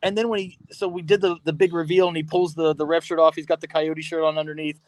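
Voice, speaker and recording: A man in a podcast studio tells a story with lots of laughter and freely swears. His voice sits a bit high, and the sound is close and dry. He talks casually, like he is chatting with friends. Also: flat delivery, quick pace, a little mellow, no room sound. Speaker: podcast guest, pro wrestler.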